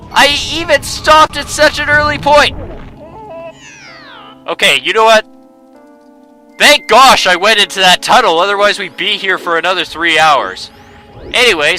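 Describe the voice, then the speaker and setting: A man's voice: fairly high pitch, bright, forceful tone, low-quality recording. Joking young man commentating gameplay. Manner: joking, easily frustrated, laughs often. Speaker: let's play commentator.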